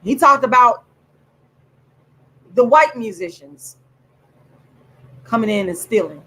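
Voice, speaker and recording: A woman delivers a furious rant to her channel's viewers, her husky voice bright and high. She swings widely in pitch, repeats herself and stretches words out for emphasis. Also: expressive, poor audio. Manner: furious, repetitive, swearing, drawn-out emphatic words. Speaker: channel host. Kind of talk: angry direct-to-camera rant.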